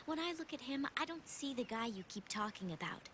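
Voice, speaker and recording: An actress voicing a composed, perceptive young woman in an anime dub, calmly needling the person she's talking to. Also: on the high side, a little fast, a little hiss or hum.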